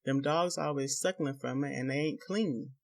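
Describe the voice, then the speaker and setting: A man reading a novel aloud, voicing a timid young rural wife who pleads softly in country dialect. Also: medium pitch, moderate pace, gravelly. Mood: fearful.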